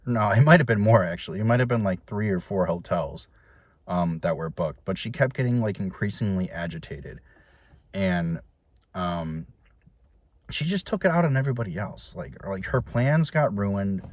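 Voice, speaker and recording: Young man, vlogger, rambling storytelling, lowish voice, dry close sound, lots of restarts. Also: animated, moderate pace, no echo. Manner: rambling, frequent restarts and fillers; quotes others in raised voices. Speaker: YouTuber telling personal stories. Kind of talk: casual storytelling to camera.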